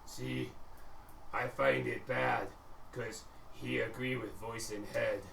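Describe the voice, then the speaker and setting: A man voicing a dim, brutish male troll who speaks slowly and low in broken grammar. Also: level tone, gravelly, fairly bright tone, exaggerated voice. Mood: dull. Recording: echoey room, distant mic, faint noise.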